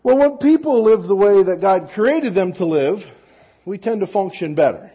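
A man with a high, husky voice gives a children's sermon in a church, talking casually and checking in with the kids. His delivery is conversational and full of rhetorical questions, and the recording sounds dull and lo-fi. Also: expressive, normal speed. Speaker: pastor.

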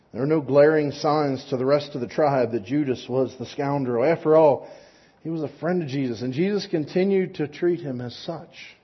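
A man's voice: medium pitch, husky, dull audio. A man preaching a sermon in a conversational, relatable way, often checking in with "right?" asides. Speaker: pastor.

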